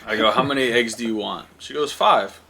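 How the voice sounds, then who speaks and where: A young man, a podcast co-host, telling casual stories and acting out the dialogue with animated delivery. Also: medium pitch, fast talker, gravelly. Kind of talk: casual storytelling chat.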